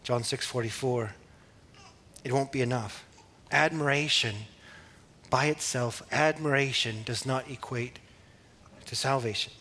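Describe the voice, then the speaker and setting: With a mid-range voice, a male preacher teaches Scripture casually and conversationally, adding small laughs and restarts. He talks a little slowly and pauses often.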